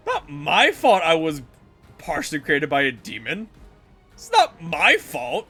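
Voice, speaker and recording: A man giving casual, jokey commentary while playing a video game with friends, animated and quick to swear. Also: fairly high pitch, slightly rough, faint music behind.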